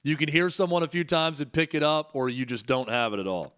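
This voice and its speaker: A man hosting a sports talk show, chatting in a measured, conversational way with dry teasing of his co-host. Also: fairly high pitch, lively intonation, fairly bright tone, clear, resonant tone.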